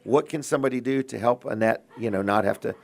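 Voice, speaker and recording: A man's voice: mid-range voice, fast, creaky, darkish tone. A middle-aged man hosting a local TV talk show, chatting in a folksy, earnest way with many restarts.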